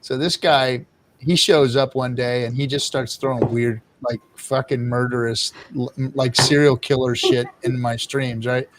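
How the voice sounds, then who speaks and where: A man's voice: medium pitch, fairly even intonation, measured pace, heavy background noise. Rambling, cussing male stream host. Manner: rambling, profane, laughing storyteller. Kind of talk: casual live-stream chat.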